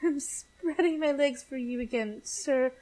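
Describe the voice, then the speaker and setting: High soft elf girl played by a woman, needy and breathy, slow and drawn out. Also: poor audio. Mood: urgent.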